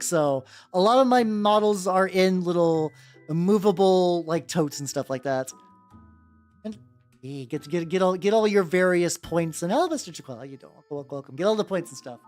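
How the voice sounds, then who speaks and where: A chatty woman livestreaming while she paints miniatures. Her voice sits a little low but swings widely as she talks, and she curses casually and greets chatters by name. Soft background music plays under her. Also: lively intonation, brisk. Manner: chatty, swears freely, greets chat by name, laughs often. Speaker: VTuber streamer painting miniatures.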